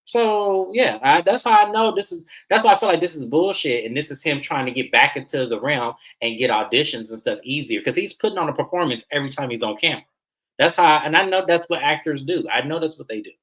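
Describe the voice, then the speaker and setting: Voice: mid-range voice, fairly quick, fairly bright tone, poor audio. A reality TV recap host giving casual, sassy commentary and repeating phrases for emphasis.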